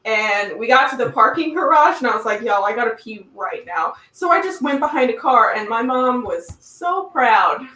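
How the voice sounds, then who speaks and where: A woman's voice: high-pitched, lively intonation, normal speed, few pauses, pushed and bright. A woman on a casual podcast, dropping dry joking asides. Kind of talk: casual chat. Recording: echoey, distant from the mic.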